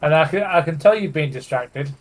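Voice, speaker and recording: A man's voice: fairly high pitch, brisk. A man chatting casually with his co-player while gaming, in short, dry remarks.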